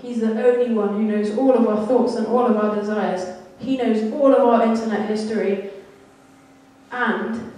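A woman's voice: on the high side, steady tone, moderate pace, dark tone. A woman giving a sermon, telling a candid, self-deprecating story about her childhood. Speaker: church speaker. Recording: echoey hall, mic at a distance.

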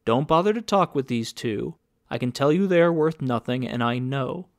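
A man's voice: medium pitch, animated, moderate pace, no echo, studio quality, natural voice. A man reading an audiobook voices a clean-cut young man who speaks in a wearied, dismissive voice.

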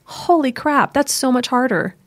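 A woman co-hosting a podcast, telling a personal story in a casual, animated way, laughing often and acting out the voices she quotes. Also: high voice, normal speed. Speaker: podcast co-host.

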